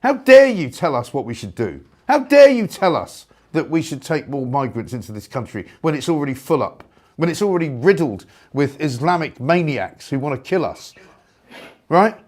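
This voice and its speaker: A man hosting a live talk show, delivering a sarcastic, indignant opinion rant with loud outbursts. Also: on the high side, very animated, normal speed.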